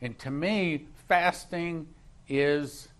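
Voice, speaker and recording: A man's voice: on the high side, extremely slow. A man preaching as a pastor, telling a personal story with emphatic, repeated phrases. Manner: emphatic, rising in intensity, repeats words for stress.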